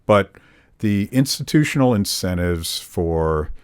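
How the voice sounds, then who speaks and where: Deep-voiced middle-aged podcast host. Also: male voice, expressive, clear, resonant tone. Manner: measured, with fillers and soft agreement. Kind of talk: casual interview chat.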